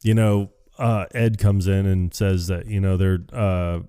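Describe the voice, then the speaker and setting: A man's voice: low voice, fairly even intonation, unhurried, dark tone, clean tone, no room sound, clean studio sound. A man co-hosting a podcast, casually retelling film scenes and laughing often. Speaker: podcast co-host. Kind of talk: casual movie chat.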